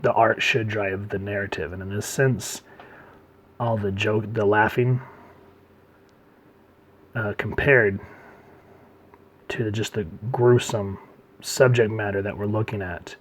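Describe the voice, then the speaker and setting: A man's voice: fairly low pitch, fairly even intonation, slow pace, long pauses, a little hiss or hum. Man, comic book reviewer, casual, rambling, fillers and restarts.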